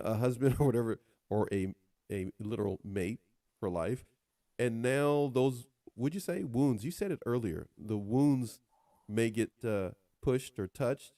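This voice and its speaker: A man's voice: fairly low pitch, dark tone, no echo, studio quality. A man hosting a conversational interview, affirming and chiming in often with short agreements. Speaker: host.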